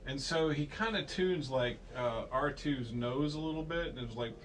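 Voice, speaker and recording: A man's voice: medium pitch, normal speed, few pauses, over music, rough recording. A man casually retelling a film story to a child at home, playful and rambling, slipping into goofy voices.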